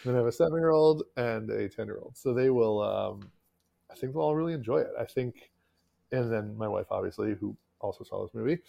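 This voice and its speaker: A man in his thirties co-hosting a podcast in casual chat, animated and jokey, often laughing. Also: medium pitch, brisk, vocal fry, highs cut off. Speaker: podcast co-host.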